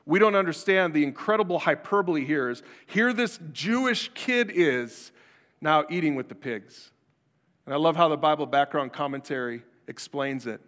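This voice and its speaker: A man's voice: fairly high pitch, animated, moderate pace, a bit bright. A man preaching a sermon as pastor, in a conversational style that acts out the people he quotes. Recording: long hall reverb.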